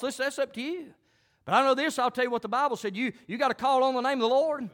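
A pastor delivers a folksy sermon in a very high, ringing voice. He talks plainly and then climbs into shouted, fervent preaching. The man's tone stays bright and forceful throughout. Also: expressive, a little fast. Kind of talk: fiery country sermon.

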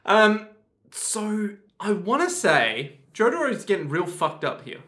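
Bright-voiced rambling man. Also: high-pitched, measured pace. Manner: rambling, animated, acts out quotes. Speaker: podcast co-host. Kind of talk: casual chat.

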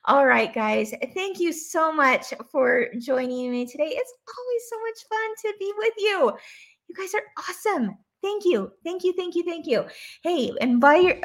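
A woman hosting a live stream, upbeat and gushing as she reads out viewer comments, laughing often. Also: very high-pitched. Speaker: host.

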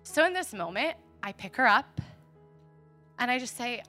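A woman's voice: fairly high pitch, animated, normal speed, sharp tone, faint music behind. A woman in her thirties preaching a sermon through a personal story, speaking earnestly and candidly, often laughing.

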